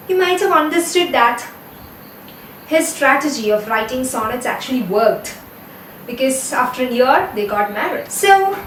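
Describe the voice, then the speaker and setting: An Indian English woman with a high voice lectures on literature for a class video, explaining patiently and correcting small slips. Her voice comes from a little way off in a roomy, echoing space with faint background hum. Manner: explanatory, steady, with occasional self-corrections. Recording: echoey room, voice from a distance, faint ambience.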